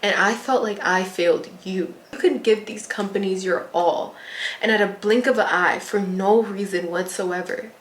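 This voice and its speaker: A young woman tells a storytime vlog in a chatty, emotional way and keeps speaking straight to her viewers. Her pitch sits in the middle range, and her animated delivery rises and falls with feeling. The recording carries a clear room echo. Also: moderate pace, a little hiss or hum. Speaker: influencer. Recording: echoey room.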